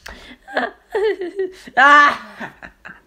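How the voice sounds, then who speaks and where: A woman's voice: lowish voice, sing-song, slow, gravelly, a bit bright, husky, full character voice. A woman playing a downtrodden male street clown who stammers apologies in an amateur fan film. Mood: nervous giggling. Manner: apologetic, stammering, breaks into laughter.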